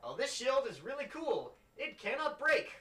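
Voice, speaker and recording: A man voicing an excitable, fussy male wizard in his tower, high-pitched and frantic. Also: moderate pace, reverberant, recorded from a distance, full character voice. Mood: eager.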